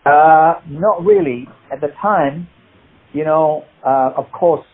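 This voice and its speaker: A man with a Cockney accent, an actor guest telling rambling, animated stories with many restarts. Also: a little high, slow. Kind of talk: casual interview storytelling. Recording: tinny phone-like line.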